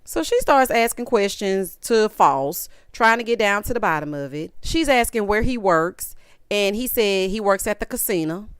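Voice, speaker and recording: Sassy woman dishing on reality tv, smooth clear voice, dry close sound. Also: mid-range voice, expressive, moderate pace, no echo. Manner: sassy, exasperated, quotes people in voices. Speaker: reality TV recap host. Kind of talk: casual commentary recap.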